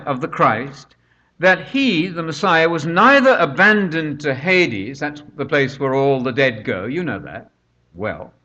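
A man's voice: a little high, pushed and bright. An older man preaching a conversational sermon, full of rhetorical questions, recorded on a dull lo-fi track.

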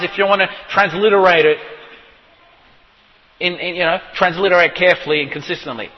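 A man's voice: high voice, a little fast, long pauses. A man preaching a sermon, reading scripture aloud and driving his points home with emphatic, rising bursts and frequent restarts. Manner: emphatic, rising to shouts when stressing a point; reads scripture aloud, repeats words and restarts. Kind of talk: sermon, Bible exposition. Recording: dull lo-fi sound in a reverberant hall.

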